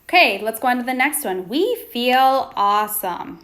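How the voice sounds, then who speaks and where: A woman teaching a phonics lesson to young children, pausing for answers and praising them. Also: on the high side, expressive, fairly bright tone. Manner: slow, patient, prompting pauses for answers.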